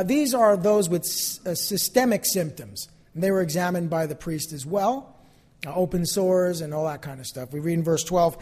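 Male pastor, fairly high voice, earnest sermon with emphatic peaks, long reverb of a church hall. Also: darkish tone. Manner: earnest, rising to emphatic bursts.

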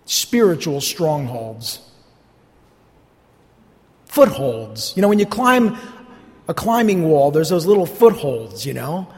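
A North Jersey pastor with a New Jersey accent preaches conversationally, tossing in sarcastic asides and repeating words. His voice is on the high side and darkish in tone, with big pitch swings, a slow pace, and long pauses, all wrapped in long hall reverb.

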